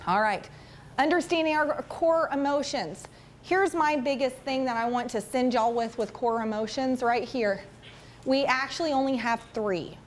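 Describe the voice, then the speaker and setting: A woman talks to parents in a lively, conversational way, often putting questions to the room. Her voice sits a little high, with a faint hiss of noise in the background. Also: normal speed. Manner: chatty, animated, asks the audience questions. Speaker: school parent education presenter. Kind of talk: casual presentation to parents. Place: meeting room with an audience.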